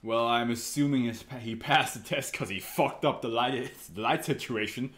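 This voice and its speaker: A man's voice: mid-range voice, moderate pace, fairly bright tone. A man hosting an anime reaction video, chatting casually while he stands, jokey and laughing often.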